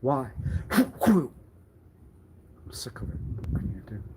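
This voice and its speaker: A man rambling alone on a livestream in a meandering way, repeating himself and often clearing his throat. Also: medium pitch, sing-song, slow pace, background noise. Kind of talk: rambling solo livestream monologue.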